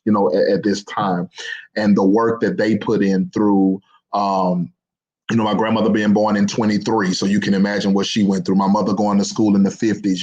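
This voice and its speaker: A man's voice: fairly low pitch, poor audio. A man co-hosting a live talk show, speaking in a heartfelt, reflective way and close to tears.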